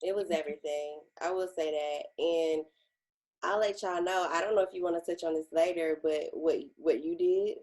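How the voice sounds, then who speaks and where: A woman co-hosting a casual podcast, telling family stories in a relaxed way and acting out what others said. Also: fairly low pitch, normal speed. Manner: relaxed storyteller, acts out quoted voices. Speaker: podcast co-host. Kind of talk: casual chat.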